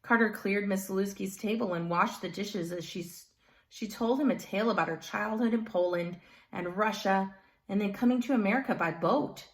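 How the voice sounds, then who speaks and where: A woman's voice: medium pitch, moderate pace. A woman reading a children's chapter book aloud with expression, stopping now and then to chat to listeners. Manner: expressive, chats to listeners between passages. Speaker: storyteller.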